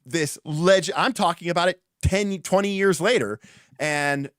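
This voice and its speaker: A man hosting a livestream in casual chat. He talks in an animated, rambling way full of restarts and fillers. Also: high-pitched, unhurried, clean tone, no room sound, studio quality. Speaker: livestream host.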